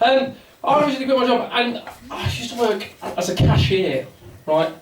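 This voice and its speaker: This young Englishman, in his twenties, has a very high, expressive voice and a moderate pace as he rambles through a self-mocking comedy set and banters with a pub audience. The distant recording catches echo, a little hiss or hum, and the crowd's chatter and laughter.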